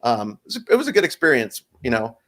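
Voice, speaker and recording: A man's voice: mid-range voice, fast talker. Forties male comic, easygoing storyteller, mid-range voice, interview guest. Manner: animated storyteller, acts out bits. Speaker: stand-up comedian guest. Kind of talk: stand-up set then casual interview.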